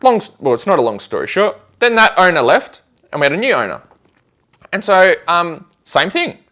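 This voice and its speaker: A man telling stories in a casual chat, animated and acting out the conversations he describes. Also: high voice, moderate pace. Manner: animated, acts out conversations in quoted voices.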